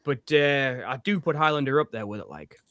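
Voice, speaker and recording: A man's voice: medium pitch, lively intonation, brisk, fairly bright tone, no echo, clean studio sound. A man co-hosting a casual film chat, talking enthusiastically and rambling with frequent laughter. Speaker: co-host.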